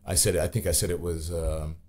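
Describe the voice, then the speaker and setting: A man's voice: deep voice, little pitch movement, brisk. A man, a podcast guest telling his story candidly with many restarts and fillers. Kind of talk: podcast interview.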